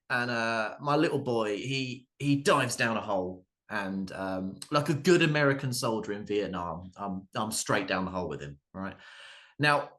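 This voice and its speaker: A man in his thirties doing a stand-up set, halting and full of ums and restarts. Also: medium pitch, fairly bright tone. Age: 30s. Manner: hesitant, many ums and restarts. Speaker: stand-up comedian. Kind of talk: stand-up routine at an open mic.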